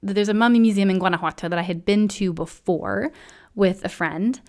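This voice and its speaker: Woman, podcast host, casual travel storytelling, animated, laughs often, mimics people. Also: mid-range voice, a little fast.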